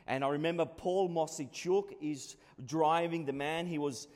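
A man's voice: a little high, fairly even intonation, moderate pace, a little mellow. A man in his forties with an Australian accent, preaching a sermon in a conversational, storytelling way. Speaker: pastor. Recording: long reverb of a hall.

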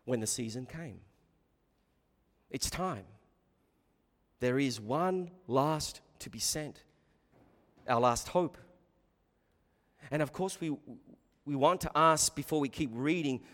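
A man preaching an expository sermon, swinging between loud emphatic bursts and quiet hushed asides. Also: a little high, slow pace, pauses often. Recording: long hall reverb.

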